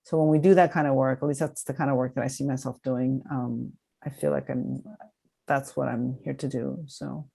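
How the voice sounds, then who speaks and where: A woman professor speaking over a video call with a mellow, dark tone. She talks earnestly, pausing and searching for words as she works through her answer. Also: a bass voice, fairly even intonation, vocal fry, breathy edge. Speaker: history professor, panel guest. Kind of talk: casual reflective discussion.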